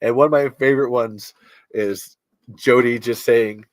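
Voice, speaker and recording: A man's voice: medium pitch, fairly even intonation, unhurried, no echo, clean studio sound. A man talking through a movie in casual commentary, rambling and playful, swearing freely and laughing at his own jokes. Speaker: video essay host.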